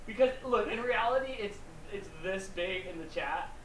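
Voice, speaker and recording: A man's voice: sits high, expressive, moderate pace, a loud crowd, rough recording. A man co-hosting a casual livestream, teasing the host and laughing through his words. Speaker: co-host running the stream controls.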